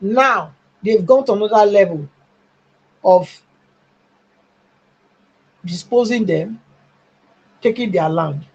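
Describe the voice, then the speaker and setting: A woman's voice: mid-range voice, takes it slowly, pauses often, slightly rough, muffled recording. A middle-aged Nigerian woman speaking as a panelist on a live stream, emphatic and growing heated, with bursts of laughter. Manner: emphatic, rising to near-shouting, with laughs. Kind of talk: impassioned call-in commentary.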